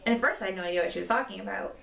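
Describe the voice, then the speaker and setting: A woman's voice: medium pitch, very fast, gravelly, fairly bright tone, echoey room, far from the mic. A woman in her twenties telling a story to camera, indignant and rambling, with many fillers. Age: 20s. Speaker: vlogger. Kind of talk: storytime vlog.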